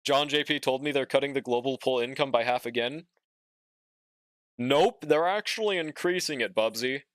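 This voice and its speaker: A young guy chats casually with viewers while gaming, using a medium-pitched, somewhat bright voice at a normal speed. He's drowsy and yawning, laid-back and drawling, swearing often as he reads and answers chat. The recording is dry.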